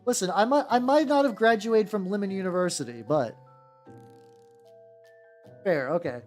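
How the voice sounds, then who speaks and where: A woman's voice: medium pitch, lively intonation, moderate pace, a little mellow. A woman streaming while painting miniatures, chatting casually in a rambling way, swearing freely and often restarting her sentences. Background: faint background music.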